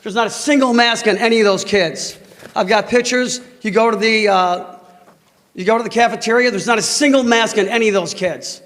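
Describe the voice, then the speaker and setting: A man, a parent, giving an angry and emotional public comment at a school board meeting, often halting for words. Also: high-pitched, a bit bright. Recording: hall reverb.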